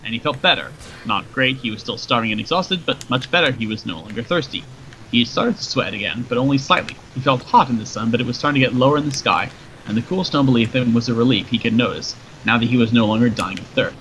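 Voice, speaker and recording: A man reading a story aloud in a steady, descriptive narration, in a dull lo-fi recording with faint noise. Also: mid-range voice, quick pace. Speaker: story reader.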